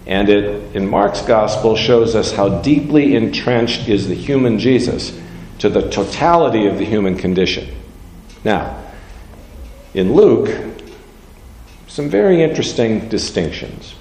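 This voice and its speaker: A man's voice: lowish voice, expressive, unhurried, a little mellow, slight background noise. Preacher man in a reverberant church. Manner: reads scripture aloud with varied emphasis. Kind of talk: sermon. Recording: roomy hall with long reverb.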